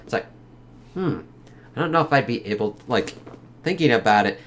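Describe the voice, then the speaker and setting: A man's voice: mid-range voice, expressive, moderate pace, fairly bright tone, slight background noise. A man reviewing a comic book in a loose, rambling way, full of fillers and swearing, who reads dialogue aloud between his comments. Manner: rambling, filler-heavy, profane. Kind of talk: casual spoken review.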